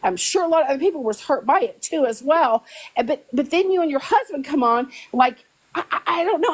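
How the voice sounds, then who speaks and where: Woman, high voice, congested, emotional and rapid, keeps restarting her sentences. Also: lively intonation, low-quality recording. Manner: emotional, rapid, repeats herself, stammers. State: congested, ears clogged after covid. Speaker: live stream guest. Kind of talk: heated argument on a live stream.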